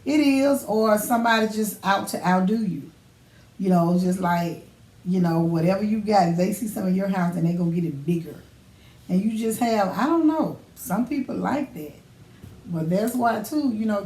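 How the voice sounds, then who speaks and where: A woman on a casual podcast, giving calm, measured advice. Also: mid-range voice, reverberant. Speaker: podcast co-host. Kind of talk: casual faith podcast chat.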